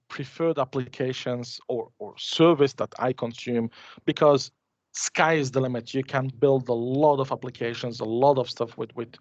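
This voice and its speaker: Man demoing software, dull audio. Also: medium pitch, no room sound. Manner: chatty, restarts and hesitates while clicking through a demo. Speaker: conference presenter. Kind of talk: live software demo.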